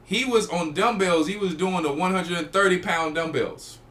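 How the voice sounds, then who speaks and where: A man's voice: sits high, moderate pace, fairly bright tone. A man, a church elder hosting a show, preaching emphatically and repeating phrases. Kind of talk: preaching talk to a live audience.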